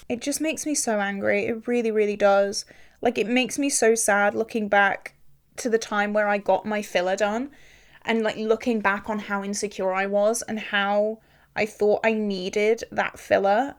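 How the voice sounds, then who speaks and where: A woman's voice: mid-range voice, fairly even intonation, moderate pace. A young woman in her twenties talking casually to camera while doing her makeup, frank and chatty with lots of "like" fillers. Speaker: beauty vlogger.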